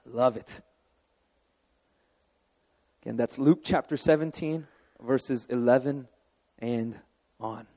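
A man preaching a sermon as pastor, animated and conversational, with asides to the congregation. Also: mid-range voice, slow, pauses often, big-room sound.

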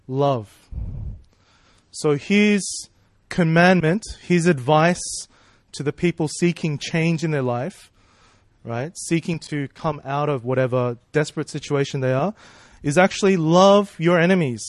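A man's voice: a little high, no room sound, studio quality. A man preaching a sermon in a casual, conversational way, asking rhetorical questions and checking in with "right?" and "you know".

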